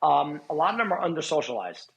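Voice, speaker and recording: Blunt male guest dog trainer, swears freely, slightly higher voice, casual podcast chat. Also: big pitch swings, quick pace, vocal fry, a bit bright, muffled recording. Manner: blunt, profane, acts out dogs' thoughts.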